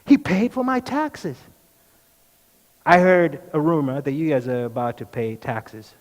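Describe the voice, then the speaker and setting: Guy playing outspoken fisherman apostle peter, earnest, asks the crowd stuff, kinda high voice, big echoey hall. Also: animated, measured pace. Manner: earnest, questions the audience directly. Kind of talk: dramatic first-person monologue.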